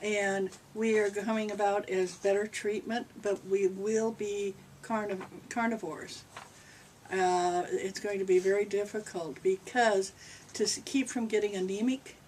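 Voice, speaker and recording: An older woman, a reverend, speaks in a medium-pitched, steady, slightly mellow voice, a little slowly, as she fields questions from a small group. Her answers ramble loosely as she channels and relays what a spirit says. The mic is distant, with faint background noise.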